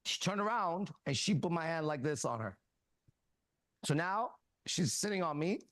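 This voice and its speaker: A man hosting a casual talk show, coaching a younger man bluntly and profanely and telling animated stories with quoted dialogue. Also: on the high side, normal speed, no room sound. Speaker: host. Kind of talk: casual advice talk and storytelling.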